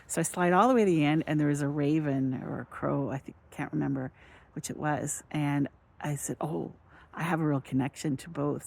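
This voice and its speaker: A woman vlogging casually, telling a story with animated, excited bursts and then slowing into reflective spiritual musing. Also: low-pitched, vocal fry.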